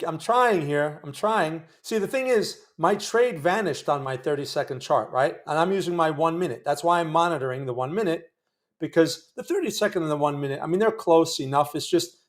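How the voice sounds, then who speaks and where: A man with a fairly high voice hosts a live trading stream. He talks in a chatty, wry way as he follows the trades and speaks to viewers. The commentary runs loose and off the cuff. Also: lively intonation, moderate pace. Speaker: day trading livestream host.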